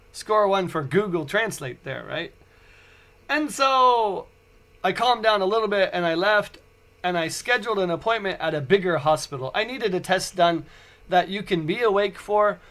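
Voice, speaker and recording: Podcast host, male, forties, high-pitched voice, casual storyteller who stumbles and restarts often. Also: fairly bright tone. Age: 40s.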